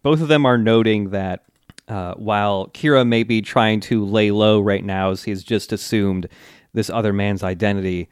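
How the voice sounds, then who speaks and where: Laid-back low-voiced man, dry clear sound. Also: moderate pace, no room sound. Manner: laid-back, laughs often, loose filler-heavy talk. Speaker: podcast co-host. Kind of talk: casual chat recapping an anime.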